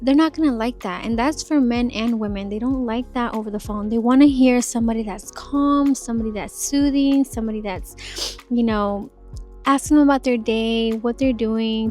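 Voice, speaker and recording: A woman's voice: on the high side, normal speed, faint music behind. A woman in her twenties, an insurance sales agent, chatting casually and animatedly in an advice vlog. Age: 20s. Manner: chatty, animated, demonstrates phone voices.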